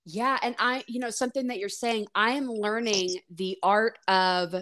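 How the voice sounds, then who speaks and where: A woman hosting a podcast, chatting in a relaxed, agreeable way and swearing casually. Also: medium pitch, normal speed. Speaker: podcast host. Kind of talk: casual interview chat.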